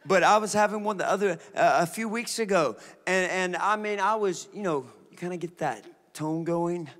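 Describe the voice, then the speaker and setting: A man, a pastor preaching a sermon, moving from relaxed storytelling to shouted declarations. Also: high-pitched, normal speed. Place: church sanctuary.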